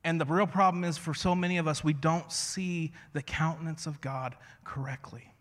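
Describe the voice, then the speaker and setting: A man preaching a sermon as a pastor, conversational and storytelling, slowing to a hush on key phrases. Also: a little high, steady tone, in a large hall. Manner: conversational, storytelling with self-deprecating asides.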